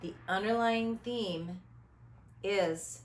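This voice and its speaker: A woman in her fifties who talks in a reflective, conversational way as a podcast host, acting out quoted voices and moving between loud and hushed tones. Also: medium pitch, slight background noise. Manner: expressive, theatrical, quick shifts between loud and hushed. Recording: echoey room.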